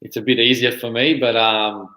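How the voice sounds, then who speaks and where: An Australian man in his thirties chats as a guest on a podcast, rambling along with plenty of filler words. His voice is bright and forward, and it rings in an echoey room. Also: mid-range voice, flat delivery, moderate pace. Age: 30s. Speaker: guest player and junior coach. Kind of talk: casual interview chat.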